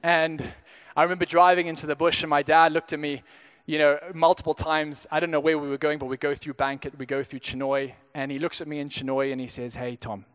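A man's voice: on the high side, flat delivery, fairly quick, hardly any pauses, fairly bright tone, clear, resonant tone. A young man from Zimbabwe, a pastor telling a personal story in a conversational sermon, often restarting his words. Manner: conversational, frequent stammered restarts.

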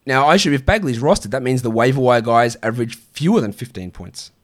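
A man's voice: mid-range voice, lively intonation, fast talker. A man hosting a casual live-stream show, answering viewer questions in a chatty, offhand way. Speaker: fantasy basketball show host.

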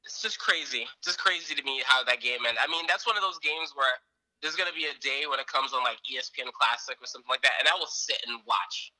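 Bright-voiced man rambling about football. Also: mid-range voice, fast, dry recording, low-quality recording. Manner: rambling, animated retelling with many fillers. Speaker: sports podcast co-host. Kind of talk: casual sports chat.

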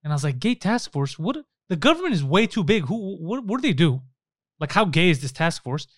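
A man's voice: fairly high pitch, sing-song, a little fast, no room sound, clean studio sound. A young Canadian man chatting casually on a podcast, a profane, mocking storyteller who acts out the people he quotes. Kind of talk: casual chat.

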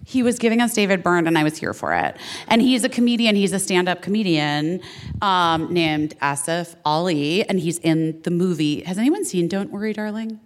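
A woman's voice: fairly low pitch, moderate pace. A woman in her forties hosting a podcast, telling a story in casual chat, laughing, swearing freely and acting out what people said. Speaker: podcast host.

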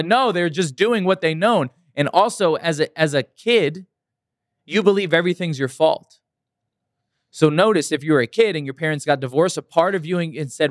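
Young male motivational speaker, earnest and emphatic, smooth resonant voice, dry close mic. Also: on the high side, fairly quick, no room sound. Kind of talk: casual interview storytelling.

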